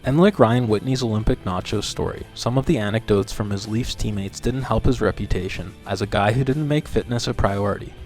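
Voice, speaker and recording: A man's voice: on the low side, soft background music. Man narrating a sports documentary. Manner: steady, measured storytelling.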